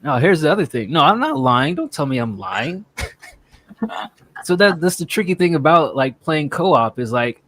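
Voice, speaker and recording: A man's voice: on the high side, normal speed, no echo. A man co-hosting a podcast, retelling a co-op game session with acted-out quotes and plenty of swearing. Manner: animated storytelling, acting out quotes, profane. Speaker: podcast co-host. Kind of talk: casual chat.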